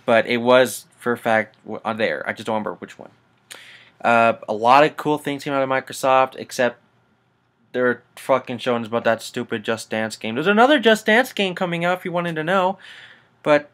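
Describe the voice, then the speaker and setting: A man's voice: mid-range voice, expressive, normal speed, long pauses, fairly bright tone. A man hosting a casual gaming news vlog, rambling and swearing through annoyed asides. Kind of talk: casual rant to camera.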